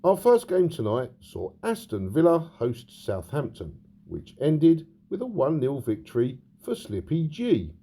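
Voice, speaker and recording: A man's voice: fairly high pitch, wildly swooping pitch, measured pace, few pauses, mellow, breathy edge. A man hosting a comedy football roundup in a mocking, sarcastic manner. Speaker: host and interviewer.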